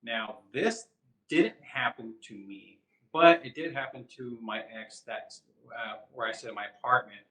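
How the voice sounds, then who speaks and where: Rambling man with a bright voice. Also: medium pitch, a little slow. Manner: rambling and loose, laughs often, many fillers. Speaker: podcast co-host. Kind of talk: casual chat, answering listener questions. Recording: roomy echo.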